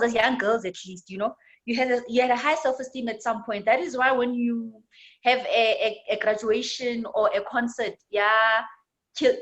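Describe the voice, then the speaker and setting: A woman's voice: on the high side, fairly bright tone, dull audio. A woman with a South African accent teaching a church women's leadership class, often repeating words and asking "right?". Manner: tag questions, repetitions. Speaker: women's ministry trainer.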